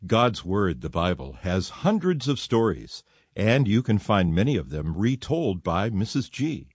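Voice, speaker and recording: A man's voice: fairly low pitch, very animated, measured pace, darkish tone, slightly rough, dry recording, clean studio sound. A man reading a scripted outro announcement in a plain announcing manner.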